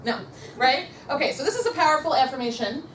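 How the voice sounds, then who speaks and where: Fast-talking, upbeat woman training a sales team. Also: high-pitched, lively intonation, reverberant, far from the mic, a little hiss or hum. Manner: upbeat, coaching, leads the audience in repeating affirmations. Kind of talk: motivational sales training talk. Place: meeting room with a live audience.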